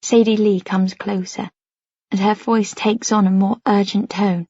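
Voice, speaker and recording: A woman reading a first-person story aloud in a soft, measured narration. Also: medium pitch, flat delivery, breathy edge, no echo, dull audio. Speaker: audiobook narrator.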